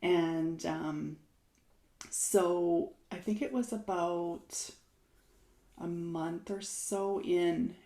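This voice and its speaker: Woman, podcast co-host, casual storytelling, chatty with fillers, slightly low voice, gravelly. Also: darkish tone, echoey room. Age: adult, married. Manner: chatty, laughs often, many fillers and restarts.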